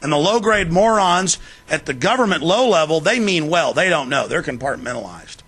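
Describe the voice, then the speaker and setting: A man hosting a talk show, delivering rapid, forceful political commentary with heavy emphasis. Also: fairly high pitch, lively intonation, breathy edge.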